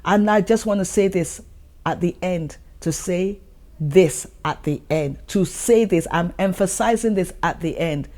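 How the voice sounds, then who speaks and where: A woman's voice: fairly low pitch, a little slow, warm tone. Earnest woman giving a motivational talk. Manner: earnest, repeats points for emphasis. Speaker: channel host.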